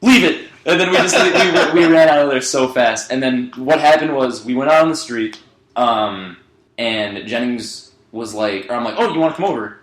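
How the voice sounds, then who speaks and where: A man's voice: mid-range voice, normal speed, fairly bright tone. Young man rambling through a drunk story, echoey room. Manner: rambling, swearing, laughing through his own story. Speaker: podcast co-host. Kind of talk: casual storytelling.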